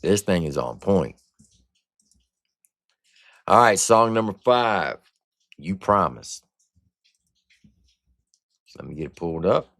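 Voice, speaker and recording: A man's voice: sits low, expressive, slow pace, pauses often, a bit bright, dry recording, studio quality. A man hosting a casual livestream album review, talking in blunt, profane slang. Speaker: music reviewer and streamer host.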